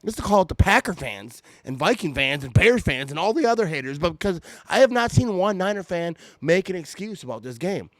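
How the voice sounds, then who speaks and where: A man's voice: high voice, sing-song, fairly quick, hardly any pauses, dry recording. A man hosting his podcast from home at night, ranting in a fired-up, irritated way and stumbling over repeated restarts. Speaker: podcast host. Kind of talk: heated sports fan rant. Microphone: podcast mic.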